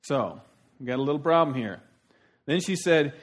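A middle-aged man preaching a sermon, telling the story in a folksy, animated way with sudden loud outbursts. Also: mid-range voice, moderate pace. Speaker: pastor.

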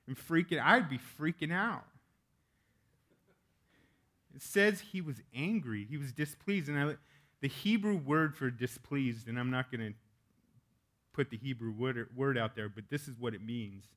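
A man's voice: medium pitch, fairly bright tone. A male pastor preaching a sermon in a casual, candid way, with joking asides.

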